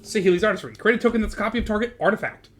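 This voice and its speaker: A man hosting a card game stream in casual chat, excitable, laughing often and swearing. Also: high voice, very fast.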